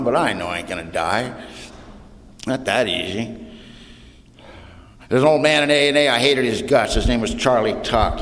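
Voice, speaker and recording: Speaking at a recovery meeting, a sixty-something man shares his personal story in a medium-pitched, fairly bright voice. He keeps it humorous and down-to-earth, sprinkling in slang, while the room's hall reverb and faint noise come through.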